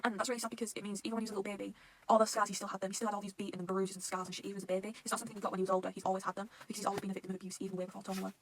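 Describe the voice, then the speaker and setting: A young woman chatting casually about a manga she is reacting to, gushing, excitable and swearing a lot. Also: medium pitch, rapid-fire, a little hiss or hum, poor audio. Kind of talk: casual fan reaction chat.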